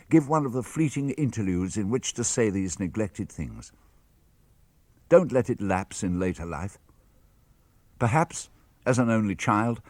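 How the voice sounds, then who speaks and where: Older british man, low voice, animated pitch, reading letters aloud, dry studio radio sound. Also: no room sound. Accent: British English. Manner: measured, expressive reading. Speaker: reader of letters.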